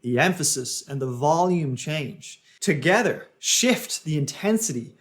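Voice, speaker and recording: A man commenting as a public speaking coach, calmly analysing a speech and explaining its techniques. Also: on the high side, measured pace. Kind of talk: reaction commentary.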